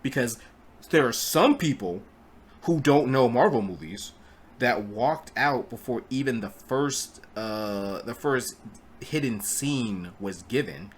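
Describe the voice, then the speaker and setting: A man's voice: mid-range voice, expressive, slow pace, slight background noise. A man giving a casual spoken film review, rambling with stumbling restarts and blunt, profane remarks. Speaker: movie reviewer.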